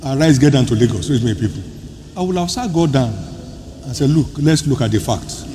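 A man preaching a sermon as pastor, emphatic, with sudden loud bursts and soft drops. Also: medium pitch, expressive, brisk. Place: large church hall. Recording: large hall, reverberant, faint room noise.

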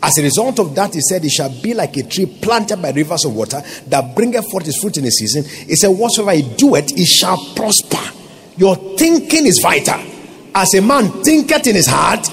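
A man's voice: high-pitched, big pitch swings, normal speed, husky, soft background music. A man preaching a sermon as pastor, emphatic, with many rhetorical questions.

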